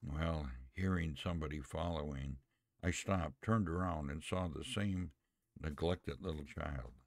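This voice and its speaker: A man retelling a Christian story on a podcast, slowly and earnestly, with quoted dialogue. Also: rumbling low, gravelly, no room sound, clean studio sound. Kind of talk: reading a Christian story aloud.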